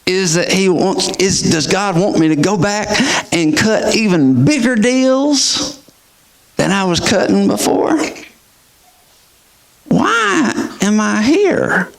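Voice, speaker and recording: A man voicing an anxious wealthy businessman who asks himself searching questions, with lively pitch swings and a slow pace. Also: gravelly, heavily acted.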